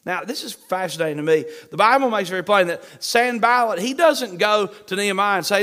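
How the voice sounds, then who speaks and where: A man preaching a sermon in an emphatic, animated manner, with a shifting pace. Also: high voice, a little fast, hardly any pauses.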